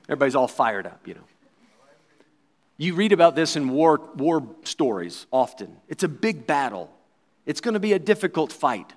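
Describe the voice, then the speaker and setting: Guy preaching a sermon, kinda high voice, gets loud then drops real quiet, does little voices for people he quotes. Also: very animated, moderate pace. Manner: dramatic preaching that swings between loud and quiet; acts out quoted voices and crowd replies.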